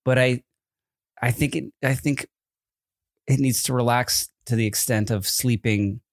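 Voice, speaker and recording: A man's voice: medium pitch, steady tone, measured pace, no echo, studio quality. A man in his thirties chatting casually as a podcast co-host, with an easygoing, hesitant delivery full of fillers. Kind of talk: casual chat.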